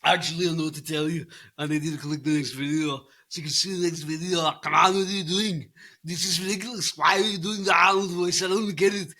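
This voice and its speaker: A young man playing a baffled guy who scolds someone with rapid, exasperated questions. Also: a little high, steady tone, bright, forceful tone.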